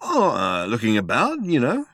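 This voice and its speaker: A man's voice: mid-range voice, wildly swooping pitch, moderate pace, fairly bright tone, no room sound, clean studio sound, exaggerated voice. A man reading aloud and voicing a brash, breezy two-headed alien man who gets flustered and evasive. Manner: casual and evasive, stammering when caught out.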